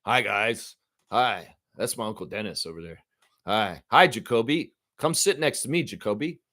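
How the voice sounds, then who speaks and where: A man mimicking a calm, soft-spoken veteran male basketball star who coaxes a young player in a low-key murmur. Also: moderate pace, no echo, clean studio sound. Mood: coaxing.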